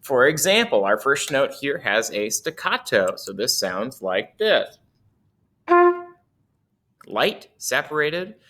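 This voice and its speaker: A man's voice: mid-range voice, sing-song, slow, pauses often, bright, forceful tone. A man teaching a casual music lesson, playful and chuckling often as he explains.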